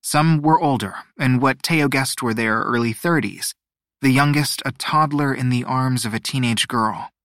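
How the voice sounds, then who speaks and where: A man narrating a storybook in a measured, expressive reading voice. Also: medium pitch, dry recording, studio quality. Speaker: audiobook narrator.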